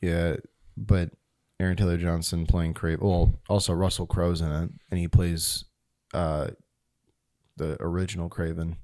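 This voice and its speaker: Male podcast co-host, lowish voice, loose and opinionated, swears freely. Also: little pitch movement, a little slow, mellow. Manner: laughing, swearing, opinionated film talk. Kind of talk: casual chat.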